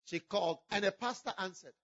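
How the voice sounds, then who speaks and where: High-voiced, gravelly male preacher. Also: fairly quick. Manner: fervent, repetitive appeals, often shouting. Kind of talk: impassioned sermon. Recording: dull lo-fi recording.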